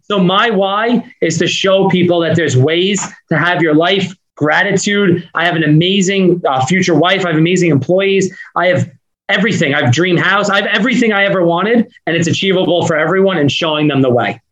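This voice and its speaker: A man with a Northeastern US accent, a podcast guest talking fast and with energy in run-on sentences. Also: sits high, fairly bright tone, poor audio. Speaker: podcast guest, business owner. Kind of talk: fast casual interview talk.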